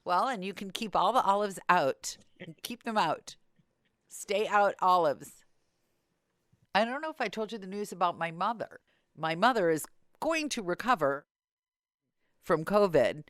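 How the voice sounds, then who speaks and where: A woman's voice: medium pitch, expressive, unhurried, long pauses, a bit bright, no room sound, clean studio sound. A woman hosting a podcast in casual chat, telling wry stories and acting out quotes. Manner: wry, storytelling with acted-out quotes. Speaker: podcast host.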